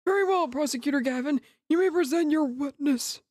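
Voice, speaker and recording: A woman doing a flustered old male judge, voice pushed high. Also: a little fast, a little mellow, no echo, clean studio sound, natural voice. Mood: formal. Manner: raised, quavering old-man voice.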